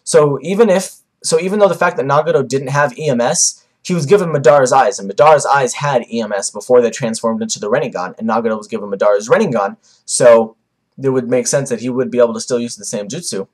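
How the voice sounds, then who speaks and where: A man's voice: mid-range voice, quick pace. A young man giving casual, rambling commentary on a comic chapter, with many fillers and restarts. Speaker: manga reviewer.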